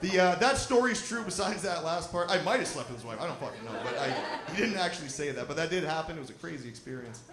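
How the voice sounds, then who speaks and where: A young man doing a stand-up comedy set, telling a profane, animated story at a live show in a lodge. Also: fairly high pitch, fast talker, few pauses. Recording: roomy live recording with crowd noise.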